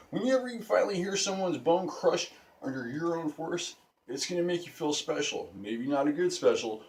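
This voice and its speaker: A man's voice: mid-range voice, a little mellow. A young man casually teaching a stick-fighting move in a video lesson, talking brash and profane. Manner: profane, brash street talk. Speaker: self-defense instructor.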